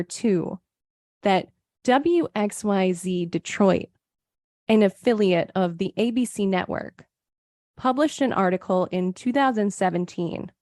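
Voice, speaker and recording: A woman narrates a true crime case for a podcast, mid-pitched and reading steadily from her notes. The recording is close and dry, with no room sound. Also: darkish tone, no room sound. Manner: reads case details from a script, quoting sources. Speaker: podcast co-host.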